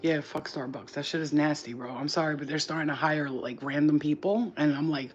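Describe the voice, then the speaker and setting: A man's voice: fairly high pitch, fairly quick, highs cut off, a little hiss or hum. A man in a casual livestream chat, giving spiritual readings in a blunt, chatty way and swearing freely.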